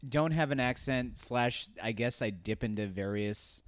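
A man's voice: mid-range voice, measured pace, no room sound, clean studio sound. A man in casual podcast chat, thinking aloud with many restarts and asking wry questions.

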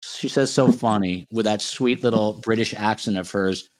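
This podcast host, a man with a New Jersey accent, runs a livestream in a casual, joking, playfully boastful way. His voice sits on the low side and moves at a moderate pace.

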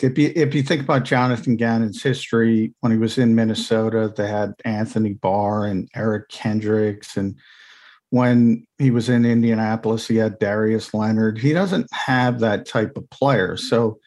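A man analyzing his team's games in a casual podcast chat, explaining things in quick, talkative runs with asides. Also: fairly low pitch, steady tone, a little mellow. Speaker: team insider analyst.

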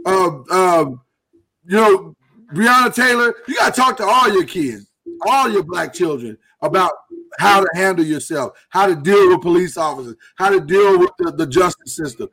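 A man hosting a live talk show, speaking earnestly and haltingly while he holds back emotion. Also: sits high, fairly bright tone. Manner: earnest, halting, with many restarts. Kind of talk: casual live-stream talk.

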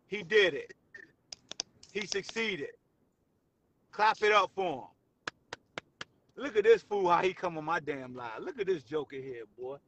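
A male sports-show host ranting in a heated, slangy voice. His voice sits high and sounds bright and forceful. He cuts in and shouts over others. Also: measured pace, pauses often, highs cut off, slight background noise. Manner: fiery, slangy, shouting interruptions. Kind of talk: heated sports talk rant.

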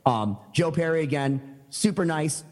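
A man's voice: a little high, animated, unhurried, darkish tone, in a large hall. A man telling stories as a podcast guest, eager and rambling, with many fillers and restarts. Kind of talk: casual storytelling chat.

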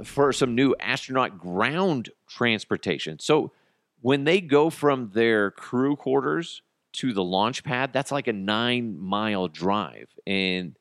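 A man in his thirties hosting a podcast, ranting crudely and comically with sudden jumps in pitch. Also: fairly bright tone, no echo, studio quality. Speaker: podcast host. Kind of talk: casual comedic monologue.

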